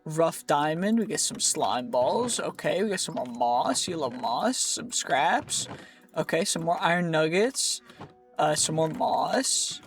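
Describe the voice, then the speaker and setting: A man's voice: a little high, very animated, slow, faint music behind. A man giving playful, rambling let's play commentary over his gameplay, joking at his own slips. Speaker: gaming YouTuber.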